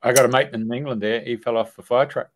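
A man hosting an interview, chatting casually with brief, relaxed interjections. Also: mid-range voice, quick pace. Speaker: podcast host.

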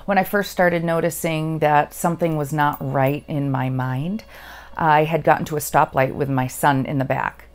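A woman veteran giving a halting, earnest personal testimony. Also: low voice, fairly even intonation, faint music behind. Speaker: veteran sharing her story.

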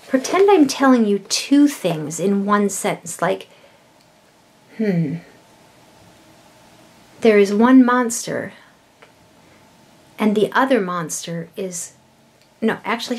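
A middle-aged woman, a mother, patiently explaining vowels and punctuation to young children, with slow, drawn-out words. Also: mid-range voice, breathy edge. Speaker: children's educational video host.

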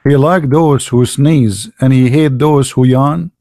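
A man's voice: medium pitch, fairly even intonation, slow pace, dark tone, no echo, clean studio sound. A man hosting a polemical monologue, mocking as he talks, asking rhetorical questions and repeating words for emphasis. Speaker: channel host.

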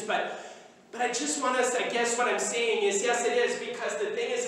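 High, bright-voiced pastor in an echoing hall. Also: male voice. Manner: conversational, jokey, acts out little scenes. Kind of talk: sermon. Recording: echoey hall, voice from far off.

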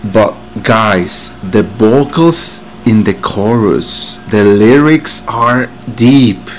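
A man's voice: fairly low pitch, animated, very slow, soft background music. A man with a Mexican accent, a native Spanish speaker, hosting an album reaction and gushing with emotion. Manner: effusive, exclamatory, overcome with emotion. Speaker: music reaction video host. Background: the song playing faintly.

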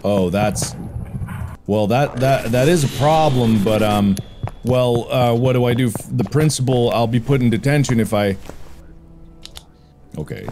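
A man hosting a gaming video, giving excitable running commentary and reacting aloud while he plays a horror game. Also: medium pitch, a little slow, long pauses. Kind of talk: let's play commentary.

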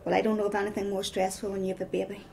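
A woman's voice: medium pitch, little pitch movement, racing, creaky, a little mellow, slight background noise, low-quality recording. A middle-aged woman with a Northern Irish accent giving a personal testimony, telling her story with many repeated "I says".

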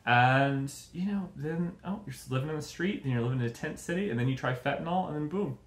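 A man's voice: on the high side, a little fast, reverberant. A man hosting a comedy show, ranting crudely in a rambling, mocking way and acting out other people's voices. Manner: profane, rambling, mocking, acts out quoted voices. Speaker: comedy podcast host.

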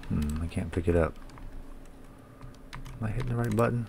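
A man's voice: fairly low pitch, moderate pace, creaky, darkish tone, a little hiss or hum. A young man giving let's-play commentary, reading game lines aloud, swearing casually and laughing often. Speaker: gaming channel host.

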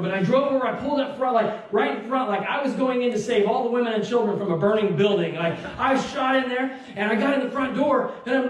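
A man in his thirties preaching a sermon in a church, telling a personal story in an animated way and acting out what people said. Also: sits high. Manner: animated storytelling, acts out quotes, laughs along. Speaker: pastor. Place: church sanctuary. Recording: very echoey church hall, distant mic.

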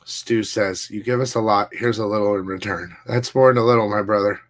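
Excitable profane man hosting a livestream. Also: fairly low pitch, brisk. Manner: profane, excitable, reads chat aloud. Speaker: comic shop livestream host. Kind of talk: casual live-stream chat.

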